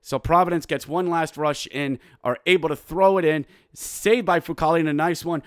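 A man hosting a hockey podcast, recapping a game with excitable, mock-outraged play-by-play and shouting at the big moments. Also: on the high side, moderate pace, few pauses, smooth, dry recording, studio quality. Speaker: podcast host.

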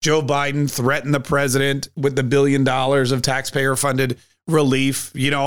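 A man's voice: medium pitch, monotone, moderate pace, smooth. A man hosting a podcast, giving a sarcastic, conversational political commentary monologue. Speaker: podcast host.

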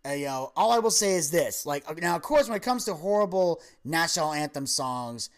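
Speaking a little fast in a slightly high voice, a man hosting a podcast spins a lengthy story during casual chat. He animates it by performing each quoted line.

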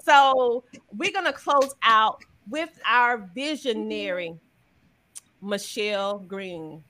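A woman from South Carolina, giving an energetic, preachy, joking promotional pitch in a podcast chat. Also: slow pace. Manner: energetic, preachy, jokey with big swings. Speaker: podcaster and event speaker.

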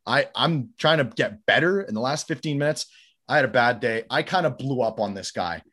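A man telling a long story in casual podcast chat, getting loud and sweary as he relives his anger. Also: mid-range voice, brisk. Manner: animated, swears freely, gets louder recounting anger.

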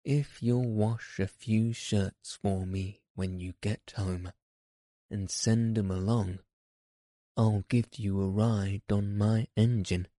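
Burly kind-hearted engine driver, folksy and reflective, voiced by a man, low and unhurried. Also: steady tone, mellow, no room sound, studio quality. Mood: kindly. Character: burly kindly male engine driver, plain-spoken.

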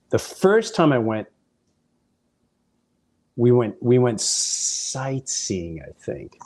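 A man hosting a podcast, telling animated, rambling off-the-cuff stories that wander off on side paths. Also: mid-range voice. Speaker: podcast host, comedian. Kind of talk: off-the-cuff storytelling.

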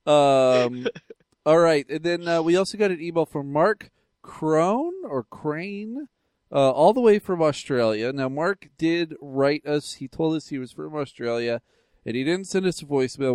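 A man's voice: fairly high pitch, lively intonation, measured pace, a little mellow, no room sound, studio quality. A man co-hosting a podcast in casual chat, rambling and joking with many fillers. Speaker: podcast co-host.

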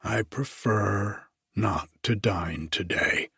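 A man voicing a pale, withdrawn male scrivener who speaks quietly and slowly in a storybook reading. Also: lowish voice, vocal fry, slightly rough, dry recording, studio quality, heavily acted.

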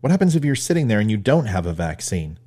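Emphatic man with lively pitch. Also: fast. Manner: emphatic, punchy, preachy. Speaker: host. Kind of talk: opinionated commentary monologue.

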